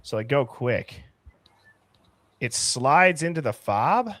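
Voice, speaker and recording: A man's voice: medium pitch, animated, takes it slowly, fairly bright tone, no echo. A man hosting a live stream, chatting casually and thinking aloud as he reads comments. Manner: easygoing, thinks aloud while reading chat. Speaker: host.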